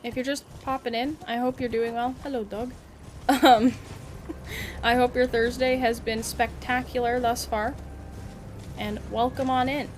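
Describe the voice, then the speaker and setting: A young woman chats to her viewers as she plays, greeting people and reacting to the game. She is giggly and talkative, and her voice sits a little high. A faint hiss runs under her voice. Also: little pitch movement, unhurried. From Canada. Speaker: game streamer. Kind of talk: casual live-stream chat while gaming.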